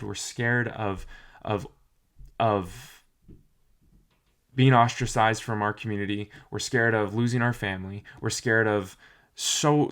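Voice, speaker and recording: Earnest man talking to camera. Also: medium pitch. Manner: earnest, repeats phrases for emphasis. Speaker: motivational vlogger. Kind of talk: encouraging talk to camera.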